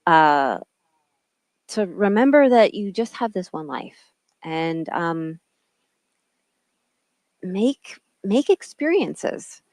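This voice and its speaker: A woman's voice: lowish voice, very animated, extremely slow, long pauses, darkish tone, dry recording. A woman guest in a casual podcast chat, talking in a chatty way with many fillers. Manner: chatty, filler-heavy, supportive.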